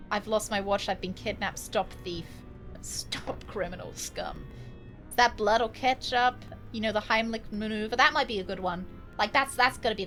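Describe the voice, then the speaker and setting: A woman casually commenting on a video game she is playing, playful, jokey and crude, often laughing and reading game lines aloud. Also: mid-range voice. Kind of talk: casual live-stream commentary. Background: game music.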